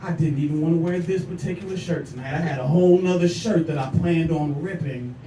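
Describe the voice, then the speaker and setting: High-voiced man doing stand-up in an echoey club. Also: brisk, noisy background. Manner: animated, teasing, talks straight to the crowd. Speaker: stand-up comedian. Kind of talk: stand-up comedy set. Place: comedy club stage with a live audience. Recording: echoey club room from far off, loud crowd laughter.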